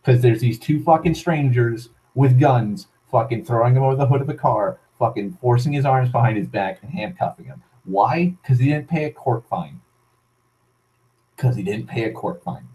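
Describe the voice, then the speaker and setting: A man's voice: medium pitch, darkish tone, low-quality recording. A man ranting as he tells a personal story, swearing constantly, heated and full of restarts. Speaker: vlogger. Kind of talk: rambling personal storytelling rant.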